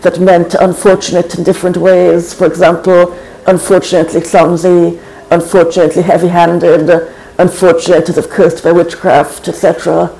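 A speaker in their forties from Trinidad, answers interview questions slowly and thoughtfully. The voice stays flat and even. Its tone is soft and dark, with frequent thinking pauses. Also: medium pitch, vocal fry, rough recording. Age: 40s. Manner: thoughtful and measured, frequent hesitations. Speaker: guest poet. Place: college.

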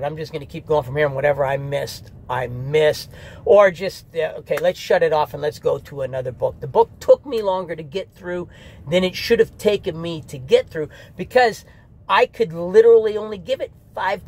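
A man's voice: sits high, creaky. A man giving a candid, rambling spoken review of an audiobook, with restarts and mock asides.

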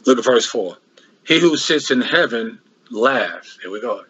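A man teaches from scripture in a sermon, circling back on his points with frequent restarts. His voice is slightly husky and sits at a middle pitch. The recording sounds muffled and lo-fi. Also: expressive, a little slow, fairly bright tone. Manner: repetitive, restarts often, rhetorical questions. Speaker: preacher. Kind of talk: Bible class sermon.

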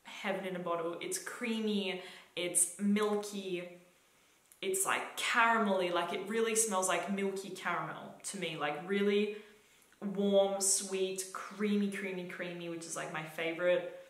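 A woman's voice: medium pitch, fairly even intonation, a little slow. A young Australian woman reviewing fragrances in a vlog, talking in a gushing way with lots of "like" and repeated words. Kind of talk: enthusiastic product review vlog. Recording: echoey room.

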